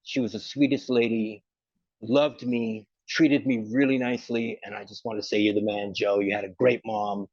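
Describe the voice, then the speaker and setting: Excited man hosting an interview. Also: on the low side, moderate pace, no echo, highs cut off. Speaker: podcast host. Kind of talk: casual interview.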